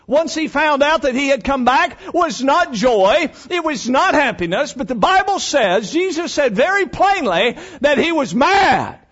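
A man preaching a sermon, folksy and emphatic, swinging between loud and hushed. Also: extremely high pitch, lo-fi sound.

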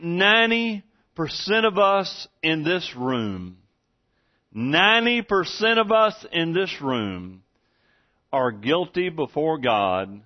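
A man preaching a sermon in a church, earnest and repetitive, often restarting his sentences. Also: fairly high pitch. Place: church room with congregation. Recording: dull lo-fi sermon recording.

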